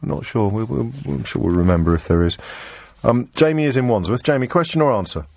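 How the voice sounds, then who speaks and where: A man from England hosting a radio phone-in, quick and teasing as he chats with callers. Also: medium pitch, lively intonation, gravelly, a little mellow, dry recording. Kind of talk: casual radio phone-in banter.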